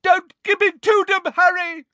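A man voicing a brave, desperate teenage boy who shouts in strained, frantic bursts. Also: extremely high pitch, level tone, a little slow, no room sound, voice pushed up, exaggerated voice. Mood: desperate shouting.

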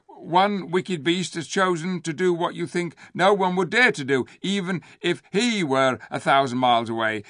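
A man's voice: high-pitched, no echo, studio quality, pitched above the performer's own voice. A man voicing a cowardly, scheming male ape who shrieks and stammers his proclamations in a storybook reading. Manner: screeching, stammering, excitable.

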